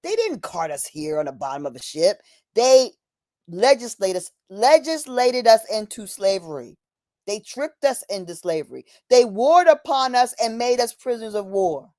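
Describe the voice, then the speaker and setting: A woman's voice: fairly high pitch, big pitch swings, normal speed, darkish tone, dry recording. Preachy woman streamer, dry close sound. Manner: preachy, addresses listener as honey, acts out quoted voices. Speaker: livestream host. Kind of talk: impassioned livestream monologue. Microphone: streaming setup mic.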